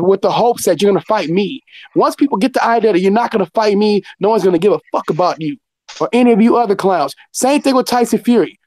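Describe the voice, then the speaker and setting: A man's voice: sits high, a little mellow, no echo. A man ranting heatedly about boxing, profane and fired up. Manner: profane, fired-up, talks fast. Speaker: guest commentator.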